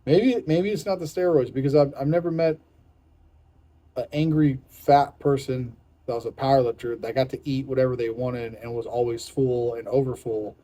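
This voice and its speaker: This casual vlog features a young fitness guy who is dieting strictly and feeling hungry and short-tempered, so he speaks plainly and repeats himself. The voice is mid-range and mellow, steady, at normal speed, though the audio quality is poor.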